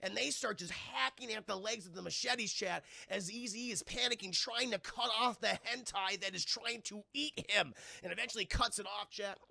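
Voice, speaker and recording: A man streaming live, recapping a film casually, profane and excitable, and talking to his chat throughout. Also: high-pitched, moderate pace, vocal fry, no room sound.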